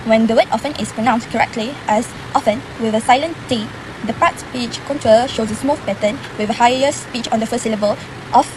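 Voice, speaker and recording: A woman student giving a scripted presentation on pronunciation, in a measured and careful explanatory manner. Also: a little high, background noise. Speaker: university student presenting an assignment.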